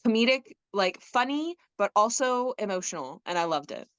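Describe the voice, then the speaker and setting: A young woman co-hosting a casual podcast, chatting in an animated, rambling way. She laughs often and fills her talk with fillers. The sound is dry and close, with no room echo. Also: mid-range voice, normal speed, muffled recording. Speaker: podcast co-host. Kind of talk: casual chat.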